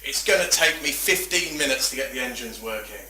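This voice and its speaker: A man's voice: mid-range voice, expressive, brisk, bright, forceful tone, a little hiss or hum. A man quoting harried engineer Scotty. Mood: protesting. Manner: protesting, no accent attempted. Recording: echoey room from far off.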